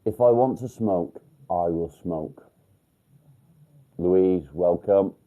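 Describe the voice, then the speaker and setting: Low-voiced sweary English man chatting live. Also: slow, narrow, tinny audio. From England. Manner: blunt, sweary, with many ums. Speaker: livestream host. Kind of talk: casual live chat with viewers. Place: outdoors by a field.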